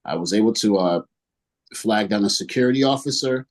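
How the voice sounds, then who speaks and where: A man's voice: on the low side, expressive, fast. A young man testifying at a hearing over a video call, rambling through his story and acting out what others said. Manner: rambling storyteller, acts out quotes in other voices. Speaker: witness at a licensing hearing.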